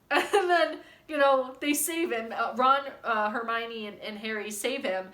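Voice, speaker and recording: Bright-voiced, gushing young woman book vlogger. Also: on the high side, unhurried, few pauses, echoey room. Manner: gushing, rambling, with many likes and ums. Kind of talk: casual book chat reading passages aloud.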